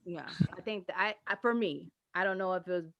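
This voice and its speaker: A candid woman, reflective and unhurried, with a lowish voice. The recording is a little dull and muffled, and the room is dry. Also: no echo. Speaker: podcast co-host. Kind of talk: casual chat.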